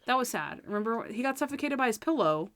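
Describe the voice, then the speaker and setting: A woman's voice: a little high, sing-song, fast talker, a bit bright, no echo. A woman co-hosting a podcast, chatting casually about a TV episode, laughing often and mimicking characters. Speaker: podcast co-host. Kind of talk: casual episode review chat.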